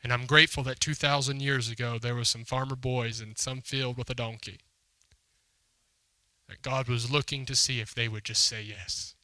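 Standing before a congregation in a church hall, a male pastor delivers a sermon, acting out a story's lines with a conversational punch. He speaks at a moderate pace with a steady tone and medium pitch, his voice notably bright and forceful. The recording is intimate and dry, carrying little echo.

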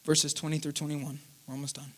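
A man's voice: fairly high pitch, little pitch movement, brisk, a bit bright. A man preaching a live sermon as pastor, talking to the congregation and rising into impassioned declarations. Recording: live church hall with long reverb.

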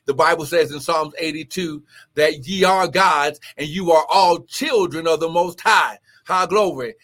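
A man preaching as pastor and prophet on a live stream, fervent and shouting, breaking into tongues. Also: on the high side, a little slow. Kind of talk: charismatic live-stream sermon. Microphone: live-stream microphone.

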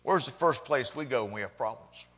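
A man preaching a sermon as pastor, swelling loud for emphasis and then dropping low. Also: animated, fairly quick. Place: church. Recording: echoey church hall.

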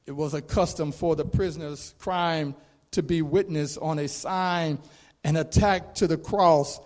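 A male preacher delivering a sermon, moving from measured storytelling to fervent, shouted proclamation. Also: on the high side. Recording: long reverb of a large hall.

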